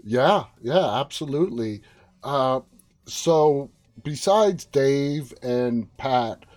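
A man's voice: medium pitch, darkish tone. A man conducting a casual interview, praising the film and asking long, winding questions.

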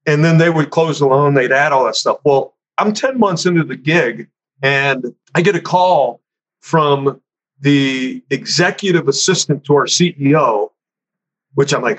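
Animated storytelling man, slightly high voice. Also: measured pace, poor audio. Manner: animated, acts out other people's lines in a raised voice; conversational, frequent fillers like "you know" and "man". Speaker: storyteller recalling his career. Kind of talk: casual spoken storytelling.

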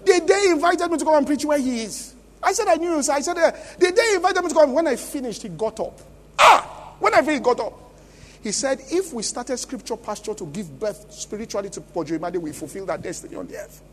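A man's voice: very high-pitched, expressive, fast, in a large hall, slight background noise. A Nigerian man preaching a sermon as pastor at a church conference, emphatic and often asking the congregation questions. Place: large church conference hall.

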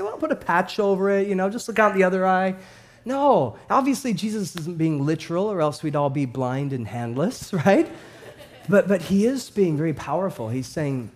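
A man in his thirties, serving as a pastor, gives a sermon in a voice on the high side. He narrates with energy, alternating between soft and loud delivery and laughing at points.

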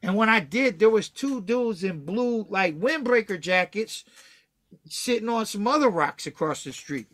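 A man's voice: high-pitched, lively intonation, a little slow, dry recording, studio quality. A man from Texas telling a story from his own life as a guest, full of slang and swearing, acting out what people said. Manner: profane, slangy, acts out quotes loudly. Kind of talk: casual storytelling.

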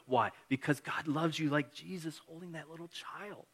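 Earnest male pastor, bright forceful tone. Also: a little high, normal speed, breathy edge. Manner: earnest, encouraging, anecdotal. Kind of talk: conversational sermon.

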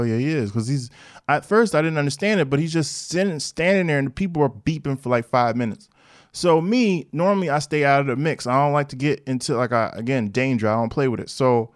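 A man talks through his own podcast, recounting what he saw in a loose, slangy manner with plenty of asides. His voice sits in a middle pitch, and the sound is dry and close with little room around it. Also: no echo. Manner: animated storytelling with slang and asides. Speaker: podcast host. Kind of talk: casual monologue.

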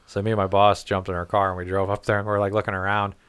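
A man's voice: on the low side, flat delivery, fast, a bit bright, clean tone, no room sound. A man from the St. Louis area talking bluntly in a casual podcast chat, swearing and laughing often. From St. Louis area, United States.

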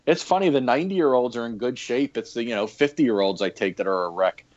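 In casual interview chat, a man guesting on a podcast tells laid-back stories, often using fillers. His voice is medium-pitched, his pace fairly quick, and the recording dull lo-fi.

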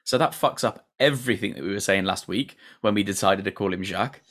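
A man's voice: lowish voice, fast talker, music in the background. A man hosting a podcast, recapping a TV episode in sweary, laughing casual chat. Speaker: podcast host.

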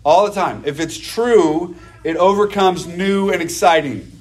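A man with a fairly high voice delivers a sermon. He speaks in an animated, conversational way and acts out mock voices of gossiping people. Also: unhurried, soft background music. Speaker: pastor.

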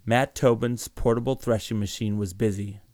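Man narrator, steady measured storytelling, lowish voice, dry close sound. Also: dry recording. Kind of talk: storybook reading.

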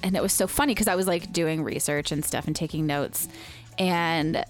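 A woman in her thirties co-hosting a podcast, telling family stories in casual chat, quoting people with lively voices and laughing often. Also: sits low, moderate pace, faint music behind. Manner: chatty storyteller, animated quoting, laughs often. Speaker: podcast co-host.

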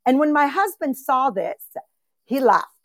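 A middle-aged woman from Italy gives an animated motivational talk. Her voice sits fairly high. The sound is dry and close, and she keeps calling out to her listeners by name as she tells her stories. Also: measured pace, no room sound. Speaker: podcast host and sales team leader. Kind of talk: motivational live podcast talk.

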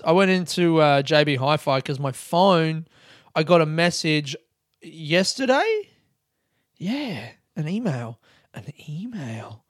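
Recorded on a close podcast mic with studio quality and no echo, this young solo host's voice is a little high. He rambles in a relaxed way, cursing freely and cracking up at his own expense.

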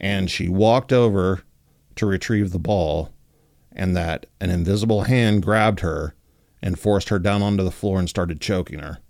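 A man with a low voice tells a story in a loose, conversational way, full of filler words. The recording is dry and close, with no room echo. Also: a little slow, gravelly. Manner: relaxed, many fillers like 'like' and 'you know'. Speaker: podcast host. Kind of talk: casual storytelling.

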